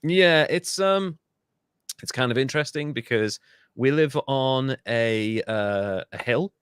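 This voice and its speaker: A man's voice: mid-range voice, takes it slowly, smooth, dry recording, studio quality. A man from England, co-hosting a podcast in casual, jokey chat and swearing freely. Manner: swears freely, jokey, mimics people in silly voices. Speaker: podcast co-host.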